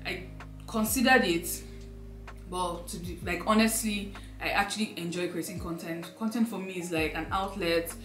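Low-voiced young woman vlogging heartfelt. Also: steady tone, moderate pace, a bit bright, roomy sound, soft background music. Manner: rambling, filler-heavy, heartfelt. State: emotional, near tears. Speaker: lifestyle vlogger. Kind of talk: emotional sit-down life update.

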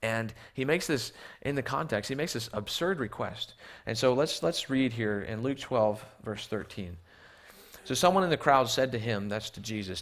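A missionary preacher with a medium-pitched, fairly bright voice and lively intonation preaches at a moderate pace in a church, with slides on display. He tends to restart and repeat words and asks rhetorical questions of the audience.

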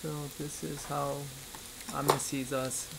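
A young woman chimes in with short, teasing remarks during a casual meal. Her voice sits low for a woman. Clear background noise runs under the recording. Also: level tone, slow. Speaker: co-host. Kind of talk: casual chat.

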